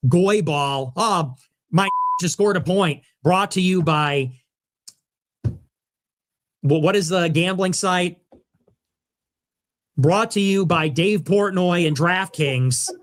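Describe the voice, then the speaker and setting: A man's voice: takes it slowly, pauses often, a bit bright. Sarcastic man mocking on a stream. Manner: sarcastic and mocking, jumps into high mimicking voices. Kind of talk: live-stream monologue.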